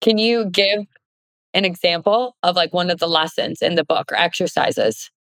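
A woman's voice: fairly low pitch, normal speed, a bit bright, no echo. A woman hosting a podcast interview, affirming and drawing out her guest in a casual tone. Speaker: podcast host.

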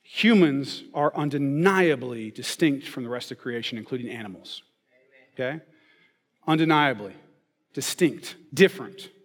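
A man's voice: medium pitch, animated, a little slow. A man giving a sermon in a conversational way, often checking in with "okay?" and "right?". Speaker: pastor. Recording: long reverb of a large hall.

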